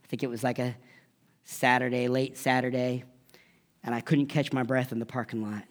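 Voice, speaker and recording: A middle-aged man preaching a sermon as a pastor, telling a personal story with sudden loud emphatic peaks and drops into a whisper. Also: medium pitch, level tone, normal speed.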